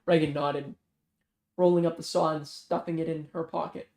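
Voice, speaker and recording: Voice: medium pitch, moderate pace, roomy sound. A reader narrating a thriller novel aloud in a casual way, often stopping to correct and restart phrases. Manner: steady narration with frequent self-corrections and restarts.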